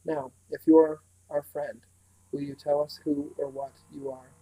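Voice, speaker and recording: A man's voice: on the high side, little pitch movement, unhurried, mellow, poor audio. A man reading aloud, voicing a determined teenage boy who talks in a firm, blunt way. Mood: urgent.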